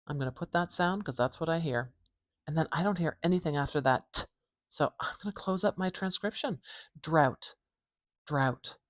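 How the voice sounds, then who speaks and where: A woman from Canada teaching phonetics at home in a calm, unhurried lesson inspired by ASMR. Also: sits low, dry recording, clean studio sound. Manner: calm, unhurried, explains step by step. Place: home room.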